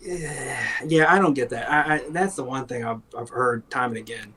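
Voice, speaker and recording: A man with a husky, slightly breathy voice talks in loose, unscripted chat. He is sarcastic and swears freely, and he breaks into laughter often. At times he mocks people in put-on voices. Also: medium pitch, moderate pace, sharp tone, poor audio. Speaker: podcast co-host. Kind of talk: casual chat.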